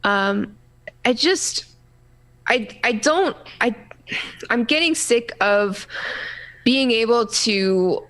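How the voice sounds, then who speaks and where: Rambling, halting woman podcast host. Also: fairly high pitch, fairly bright tone. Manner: rambling, halting, many restarts and fillers. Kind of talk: casual gaming podcast chat.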